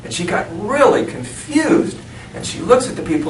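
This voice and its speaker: A man's voice: high-pitched, very animated, moderate pace. Storytelling preacher man in an echoey church. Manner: storytelling, laughs often. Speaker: reverend. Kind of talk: sermon with a personal story. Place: church sanctuary. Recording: echoey church from far off, noisy.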